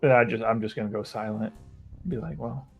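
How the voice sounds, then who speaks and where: Gravelly-voiced joking man. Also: fairly low pitch, fairly quick, lo-fi sound, soft background music. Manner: joking, laughing, excitable. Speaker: player. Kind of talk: casual tabletop game chat.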